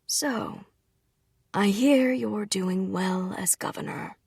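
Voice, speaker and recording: A woman voicing a strict but softened noble father, speaking slowly and frankly in a storybook reading. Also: medium pitch, vocal fry, husky, no echo, studio quality, exaggerated voice. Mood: measured.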